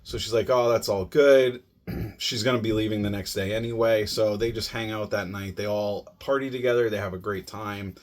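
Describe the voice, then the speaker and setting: A man with a slightly low voice talks through a film plot for a podcast review. He speaks casually and conversationally, filling his sentences with "you know" and "like" as he goes.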